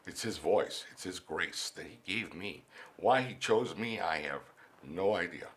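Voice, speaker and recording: A man with a fairly low voice tells a personal faith story in a studio interview. His pitch rises and falls widely as he speaks, and he often repeats words as he restarts his sentences. He sounds animated and earnest throughout. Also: a little slow. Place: recording studio.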